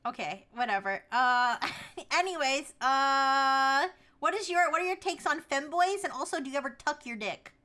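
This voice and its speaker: Brash woman streamer, high-pitched, needles her guests loudly. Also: moderate pace. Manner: brash, teasing, loud outbursts. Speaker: VTuber streamer. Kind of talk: livestream chat with AI voices.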